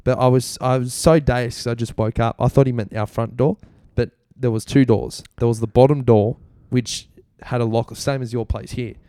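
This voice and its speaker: A young Australian man casually retelling a story to friends, laughing and animated. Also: mid-range voice, normal speed, few pauses, no room sound, studio quality.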